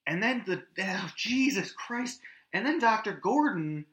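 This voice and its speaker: A man hosting a podcast, retelling a movie in a casual, animated way, swearing and acting out the scenes. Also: sits high, measured pace, reverberant, poor audio. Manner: animated, swearing, acts out scenes with yelps and hummed music. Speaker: podcast host.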